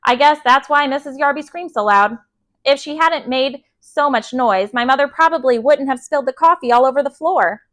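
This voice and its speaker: Woman, bedtime read-aloud, gentle steady reading, fairly high voice. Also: moderate pace. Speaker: storyteller.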